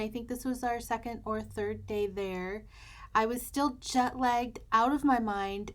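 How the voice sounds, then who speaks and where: An American woman hosting her journaling channel, telling a wry, humorous travel story in a casual chat. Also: on the high side.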